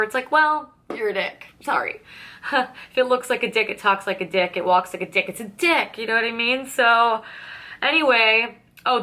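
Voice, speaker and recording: Bright, sarcastic young woman vlogger. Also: medium pitch. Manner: candid, sarcastic, swears freely, acts out both sides of dialogue. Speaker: beauty vlogger. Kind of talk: casual chatty get-ready-with-me storytelling.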